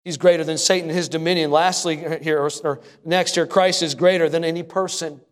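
A man's voice: on the high side, steady tone, a little fast, long reverb tail. A man preaching a sermon as pastor, building repeated refrains and calling out to the congregation. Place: church sanctuary.

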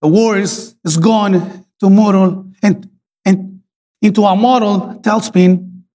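In a church hall whose long reverb lingers after each line, a middle-aged Spanish-accented man delivers a passionate bilingual sermon, pleading and repeating himself. His unusually high voice is unhurried, a little mellow and husky.

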